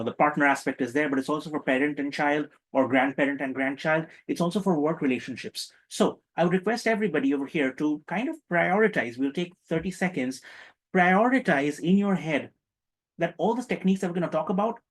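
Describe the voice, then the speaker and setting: Playful higher-voiced man leading a workshop. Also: brisk, low-quality recording. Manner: playful, joking, emphatic, engages the audience. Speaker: meditation workshop instructor. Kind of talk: interactive spiritual workshop talk.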